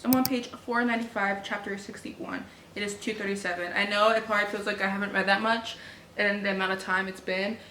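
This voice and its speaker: Young woman, book vlogger at home, overwrought reactions; echoey room, faint background noise. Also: mid-range voice. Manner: emotional, exclaiming, swings from hushed to loud. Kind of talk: reading vlog chatter.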